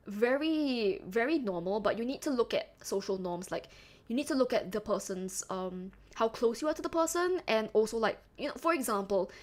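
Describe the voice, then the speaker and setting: A woman streamer chatting casually with her viewers, laughing often and trailing off with fillers. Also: a little high.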